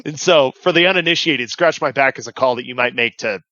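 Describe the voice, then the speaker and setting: A man's voice: medium pitch, brisk, bright, forceful tone, dry recording, muffled recording. A man casually telling profane war stories on a podcast, acting out radio calls. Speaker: veteran guest telling stories.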